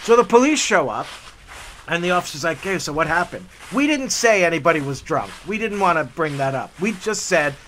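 A man in casual, animated storytelling on a hike along a forest trail. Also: fairly high pitch, fairly quick, a little hiss or hum. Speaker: hiking vlogger.

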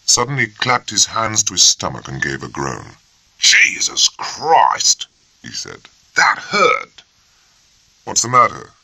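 A man narrating an audiobook in a measured, expressive storytelling manner. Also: very deep voice, gravelly, no room sound, poor audio. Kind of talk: scripted narration.

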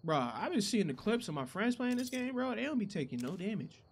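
A young man giving casual, profane gameplay commentary who reacts loudly to the action. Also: high voice, sing-song, a little fast, slightly rough. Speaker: gaming channel host.

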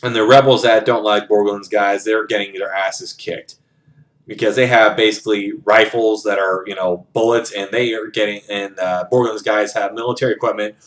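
A man's voice: on the low side, steady tone, normal speed, fairly bright tone. A man casually retelling a novel's plot in his own words, rambling and swearing freely. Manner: rambling, profane, lots of "you know". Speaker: book reviewer.

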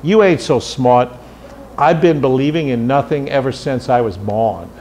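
A man's voice: medium pitch, normal speed, a little mellow, slight background noise, close to an everyday voice. A man voicing a sly young male con man who talks in a smug, lofty and indignant way and mocks his victim.

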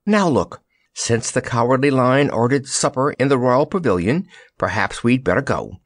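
A man's voice: mid-range voice, expressive, normal speed, no echo, studio quality, pitched above the performer's own voice. A man voicing a spirited, plucky young woman in a storybook reading, with a lifted eager delivery.

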